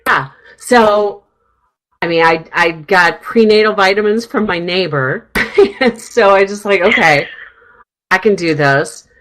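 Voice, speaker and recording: A middle-aged woman hosting a radio talk show, chatting in a rambling way with a slightly hoarse throat. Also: medium pitch, a little slow, fairly bright tone, rough recording. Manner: chatty, rambling, laughs often. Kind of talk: casual chat.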